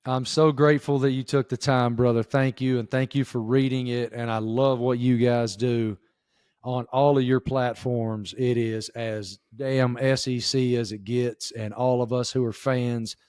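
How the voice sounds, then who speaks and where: A man with an Appalachian Southern accent, a sports reporter chatting as a guest, telling stories in a folksy, animated way. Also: medium pitch, a little slow, clean tone, no room sound, studio quality. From southwestern Virginia. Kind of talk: casual interview chat.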